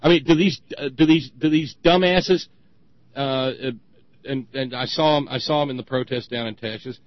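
A man's voice: medium pitch, steady tone, dry recording. Guy co-hosting a talk show, sarcastic and ranty, trips over his words a lot, dry muffled sound. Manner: sarcastic, ranting, halting restarts. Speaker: podcast co-host. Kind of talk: casual opinion talk.

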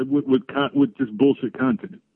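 A man's voice: medium pitch, huge pitch swings, normal speed, vocal fry, slightly rough, no room sound. A middle-aged man co-hosting a political talk show, rambling and searching for words as he talks. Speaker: co-host. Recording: tinny phone-line audio.

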